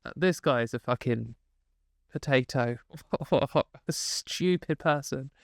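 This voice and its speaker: A woman's voice: a bass voice, takes it slowly, gravelly, no room sound, studio quality. A woman hosting a casual commentary video, sarcastic and exasperated, swearing now and then. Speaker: commentary host.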